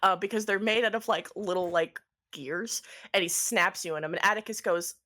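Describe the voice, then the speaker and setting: A woman's voice: mid-range voice, normal speed, pushed and bright. A woman narrating a tabletop game as game master, loose and full of laughter and fillers.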